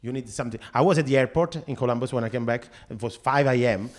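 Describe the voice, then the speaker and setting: A man with an Italian accent chats casually as a guest, his voice sitting at an ordinary middle pitch. He stops often to hunt for the right English word. He pushes his points with emphatic disbelief. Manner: halting, searching for English words; incredulous and emphatic about food habits. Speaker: podcast guest. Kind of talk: casual chat.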